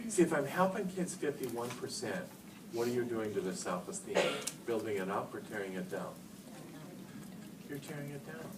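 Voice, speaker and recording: A middle-aged man tells stories to a room of teachers, playing out both sides of phone calls with a jokey, animated delivery. He is picked up from a distance, so the voice sounds thin and roomy, with steady noise underneath. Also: medium pitch, moderate pace. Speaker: speaker at an education workshop. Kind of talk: lively storytelling talk to an audience. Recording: roomy hall, speaker far from mic, noisy.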